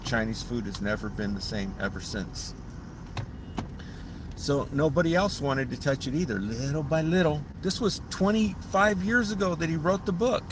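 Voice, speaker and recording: A man's voice: on the high side, normal speed, background noise. A middle-aged man talking on a casual livestream, rambling, repeating himself and losing his thread.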